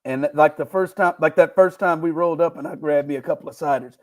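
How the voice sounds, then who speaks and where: A man's voice: fairly high pitch, quick pace. A man hosting a casual sports podcast, telling stories with playful mock indignation. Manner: animated storytelling, playful indignation. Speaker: podcast host.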